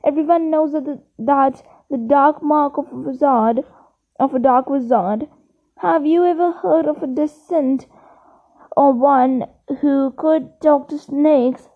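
A woman reading as a solemn stout schoolboy. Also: a little slow. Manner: solemn, gossiping in low tones. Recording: tinny phone-like sound.

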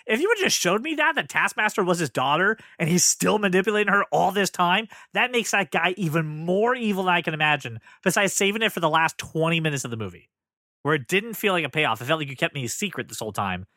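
A man co-hosting a casual movie review chat, animated and argumentative, swearing freely. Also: high-pitched, fast talker, dry recording, studio quality.

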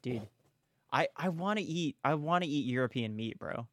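A young man co-hosts a podcast in casual, animated chat, his voice fairly high and fairly bright with lively intonation at a moderate pace. He swears a lot and keeps calling people bro and dude.

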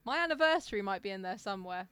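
Bright, giggly young woman. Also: medium pitch, racing, clear, resonant tone, no echo. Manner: giggly, teasing, animated. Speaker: podcast co-host. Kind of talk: casual chat.

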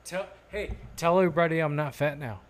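A man's voice: fairly high pitch, a little fast, a little hiss or hum. Rambling young man hosting a podcast. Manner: loose, rambling, swearing. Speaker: podcast host. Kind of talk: casual chat.

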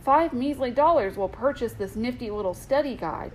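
A woman's voice: on the high side, lively intonation, normal speed, a little hiss or hum, lightly acted, low-quality recording. A woman voicing a cocky, scheming schoolboy bully in a read-aloud storybook, talking smugly. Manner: smug, cackling.

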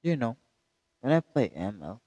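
A man's voice: mid-range voice, very animated, moderate pace, warm tone, no echo. A young man with a Filipino accent rambling goofily alone into a microphone for his solo podcast. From Philippines. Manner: goofy, switches between English and Tagalog, bursts into silly animal noises. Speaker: podcast host. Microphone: studio microphone.

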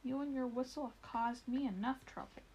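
A woman's voice: high-pitched, normal speed, a little mellow, slight background noise, natural voice, rough recording. A woman voicing a smug, greedy male mole villain in a storybook reading, talking with his mouth full and snarling.

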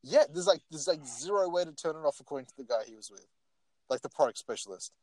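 A young man with a fairly high voice trades jokes on a car podcast. His delivery swings widely in pitch and stays lively and mocking. The sound is close and dry. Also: fast talker, dry recording. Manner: jokey, animated, mocking asides. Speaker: podcast co-host. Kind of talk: casual chat.

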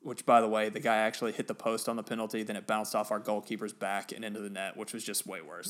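A man on a podcast, casually retelling a football match with animated bursts of excitement. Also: on the low side, fairly quick, hardly any pauses. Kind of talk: casual storytelling chat.

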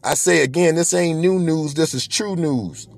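A man's voice: on the high side, moderate pace, gravelly, slight background noise. A man hosting a podcast, delivering a motivational monologue in an emphatic, preachy way, repeating his points. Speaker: podcast host.

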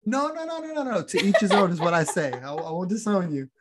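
A woman's voice: lowish voice, expressive, brisk, a crowd in the background. A woman co-hosting a casual podcast chat, emphatic and teasing with firm opinions. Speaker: podcast co-host.

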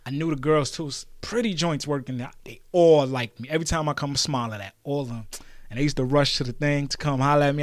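A man's voice: on the high side, fairly quick, no room sound. A man in his thirties with a Brooklyn New York accent, hosting a podcast and telling rambling, profane stories in street slang. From New York City. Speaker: podcast host. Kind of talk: casual storytelling monologue.

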